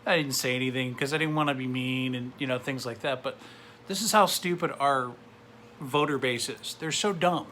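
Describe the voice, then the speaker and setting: A man's voice: medium pitch, normal speed, pushed and bright, slight background noise. A man in his forties ranting to camera in a blunt, sarcastic way. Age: 40s. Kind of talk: political rant to camera.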